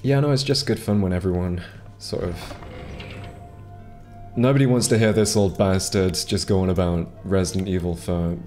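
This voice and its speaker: A man with a deep, darkish voice streams a video game at a moderate pace, faint music playing behind him. Using a headset or desk mic, he chats casually to viewers, rambling in gameplay commentary full of ums and restarts.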